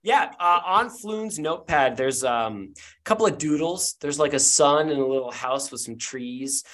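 A man narrating as game master in a loose, casual way, with halting speech full of fillers. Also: fairly high pitch, fairly bright tone.

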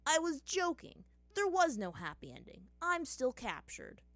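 A mocking, sarcastic teenage captive, put on by a woman reading aloud. He drips fake cheer and bites back at everyone, louder and higher than the narration. The read is dry and close. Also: wildly swooping pitch, measured pace, no echo, exaggerated voice.

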